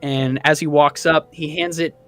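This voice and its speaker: A man's voice: a little high, fairly even intonation, moderate pace, fairly bright tone, faint music behind. A man narrating as dungeon master in a tabletop game, loose and chatty with fillers and laughter.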